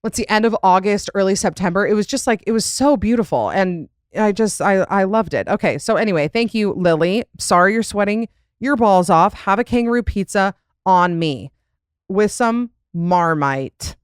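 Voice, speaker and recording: A woman's voice: medium pitch, animated, moderate pace, clear, resonant tone, no echo, clean studio sound. A young adult woman hosting a podcast in casual chat, rambling and laughing with plenty of fillers. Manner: chatty, rambling, lots of "like" and laughs. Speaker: podcast host.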